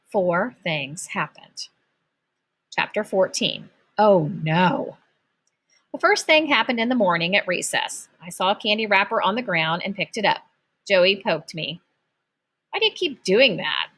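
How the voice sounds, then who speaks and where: A woman narrating a children's book aloud in an expressive storytelling manner. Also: mid-range voice, measured pace. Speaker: audiobook narrator.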